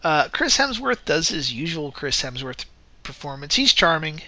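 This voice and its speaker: Bright, crisp-voiced man rambling through a review. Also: a little high, very animated, moderate pace, no room sound. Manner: rambling, self-correcting, often laughing. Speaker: film reviewer. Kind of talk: casual spoken movie review.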